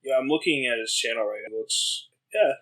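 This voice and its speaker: A man's voice: mid-range voice, brisk, sharp tone, poor audio. A man co-hosting a casual podcast, talking in a laid-back way and repeating himself as he goes. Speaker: podcast co-host. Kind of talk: casual chat.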